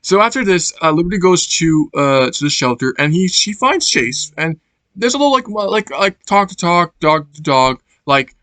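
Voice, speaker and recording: A man's voice: on the high side, very animated, normal speed, pushed and bright, no room sound. A man casually reviewing a movie for his channel, rambling and searching for words as he laughs along.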